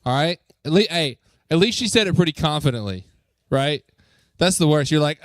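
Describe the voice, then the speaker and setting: Upbeat youth pastor, dry sound. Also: male voice, on the high side, animated, a bit bright, dry recording. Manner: upbeat, joking, coaxing the crowd with quick questions. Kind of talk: lively talk to a youth group. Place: church youth room.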